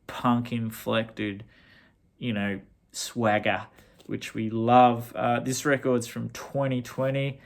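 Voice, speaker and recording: Gravelly Australian man chatting about records. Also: medium pitch. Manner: rambling, self-correcting, chatty with slang. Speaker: vinyl collector reviewing records. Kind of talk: casual record review vlog.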